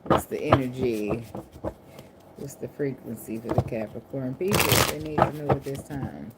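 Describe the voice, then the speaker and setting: A woman's voice: very deep voice, normal speed. A woman giving a casual tarot reading to camera, blunt, profane and joking, indoors at night under a ring light. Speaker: tarot reader. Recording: clear background noise of clicks and shuffling cards.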